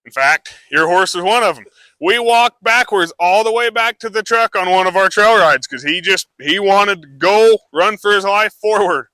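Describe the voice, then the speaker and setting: An easygoing male horse trainer talks a live crowd through his work, loose and chatty. His voice is very bright and a little higher than most men's, with a dry, close sound. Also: normal speed, no room sound. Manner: casual, rambling explanation with many fillers.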